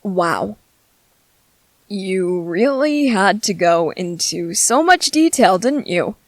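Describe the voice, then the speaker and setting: A woman's voice: on the high side, lively intonation, a little slow, dry recording. Armin, a woman voicing a nervous bookish boy. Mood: exasperated. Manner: nervous, stammering, overthinking. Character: shy, bookish young male soldier. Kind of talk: ASMR audio drama.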